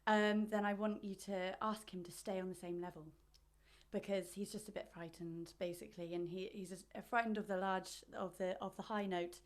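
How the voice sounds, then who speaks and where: A woman leading a choir's vocal warm-up over a video call, explaining with playful images and chatty asides. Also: mid-range voice, steady tone, normal speed. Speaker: vocal coach.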